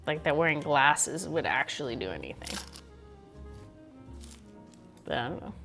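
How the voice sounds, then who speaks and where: A woman's voice: sits low, big pitch swings, a little slow, vocal fry, music in the background. A woman hosting a casual cooking livestream, chatty and giggly, swearing offhandedly as she chops vegetables. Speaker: livestream host.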